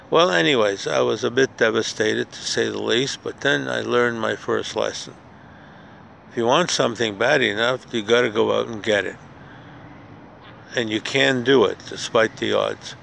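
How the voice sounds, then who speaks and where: Recording outdoors in a park, an older podcast host tells a motivational story in an earnest, repetitive way that builds to emphatic rhetorical questions. His mid-range voice is creaky and fairly bright, and he speaks at a normal speed. The audio is poor, with faint outdoor noise in the background.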